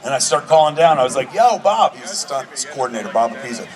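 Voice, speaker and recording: A man's voice: medium pitch, quick pace. A man in his forties telling rambling, profane anecdotes to a live screening audience. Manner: rambling, profane, animated storyteller. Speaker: filmmaker guest at a screening Q&A. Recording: distant mic with audience noise.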